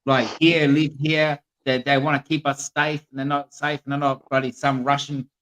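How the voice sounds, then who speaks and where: A man's voice: mid-range voice, little pitch movement, normal speed, a bit bright, rough recording. A man, chatting casually with mocking laughs and swearing. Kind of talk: casual chat.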